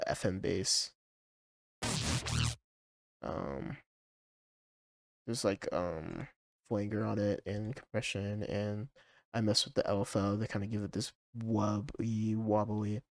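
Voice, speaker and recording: Low-voiced man casually walking through a track. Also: no room sound, clean studio sound. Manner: hesitant, full of ums and likes. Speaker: music producer. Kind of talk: casual walkthrough of a song project. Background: his track playing clearly underneath.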